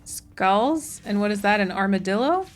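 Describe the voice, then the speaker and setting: A woman's voice: mid-range voice, expressive, a little slow, soft background music. A woman streaming a farming game, chatting casually with her viewers while she plays. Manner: chatty, reads and answers chat while playing. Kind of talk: casual gaming livestream chat.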